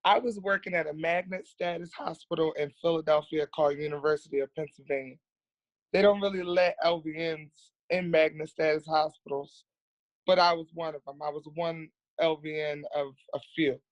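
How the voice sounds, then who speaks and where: A woman's voice: low-pitched, fairly even intonation, normal speed, no echo, lo-fi sound. An earnest woman speaks as a guest on a podcast. She tells her story candidly and plainly. She often repeats words to stress them.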